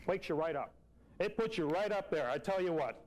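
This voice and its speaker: A man's voice: a little high, expressive, a little fast, poor audio. A man, telling a personal story earnestly and repeating phrases for emphasis. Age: 40s.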